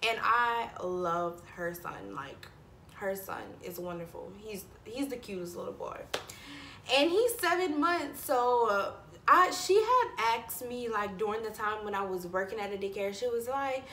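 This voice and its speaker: A woman's voice: on the high side, unhurried, a little hiss or hum. Chatty young woman in an echoey room. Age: young adult. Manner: chatty, animated storytelling, talks to viewers as y'all. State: stressed. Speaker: vlogger. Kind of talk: casual chat to camera.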